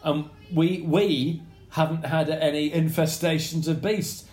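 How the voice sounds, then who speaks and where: A middle-aged man co-hosts a casual podcast, playful and teasing. His voice sits fairly high and rings in an echoey room. Faint music plays underneath. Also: steady tone, unhurried, darkish tone. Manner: joking, breaks into mock French and put-on voices. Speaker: podcast co-host. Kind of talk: casual chat, reading listener suggestions.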